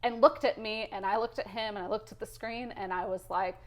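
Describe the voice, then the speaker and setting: A woman's voice: mid-range voice, fairly quick. Candid woman retelling a cath lab story. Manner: emotional, candid, animated storytelling. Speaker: guest, cath lab nurse. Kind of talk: casual interview storytelling.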